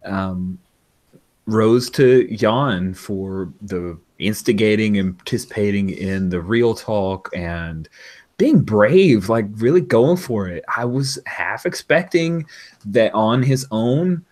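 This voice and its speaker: A man's voice: on the low side, lively intonation, takes it slowly, darkish tone. A man as game master, chatting casually after a tabletop session and handing out praise to his players. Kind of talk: casual post-game chat.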